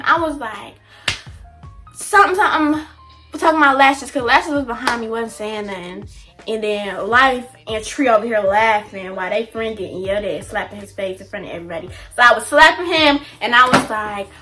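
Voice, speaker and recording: A young woman vlogger telling a story in a chatty, animated way, full of slang and fillers. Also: fairly high pitch. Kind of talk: casual storytime.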